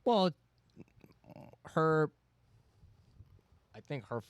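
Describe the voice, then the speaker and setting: A man's voice: on the high side, very animated, very slow, smooth, no echo. Laid-back young man, dry close mic. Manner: laid-back, laughs easily. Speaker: podcast co-host. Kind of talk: casual chat.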